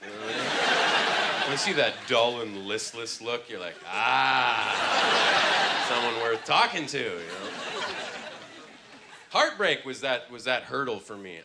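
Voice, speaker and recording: A man doing a stand-up routine on a club stage, telling a story with swings from low mumbles to loud bursts. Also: lively intonation, normal speed, very noisy. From Canada. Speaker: stand-up comedian. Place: comedy club stage with laughing audience.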